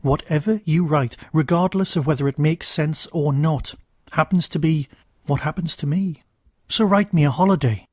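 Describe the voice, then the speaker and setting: A man's voice: fairly high pitch, moderate pace, darkish tone, dry recording, clean studio sound, voice pushed up, lightly acted. A man doing a pleading alien time traveller. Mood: urgent. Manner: earnest, pleading.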